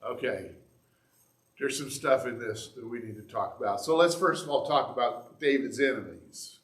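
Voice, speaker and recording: A man's voice: medium pitch, normal speed, fairly bright tone. A middle-aged male pastor giving a conversational sermon with asides and restarts in a church sanctuary. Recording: echoey church room.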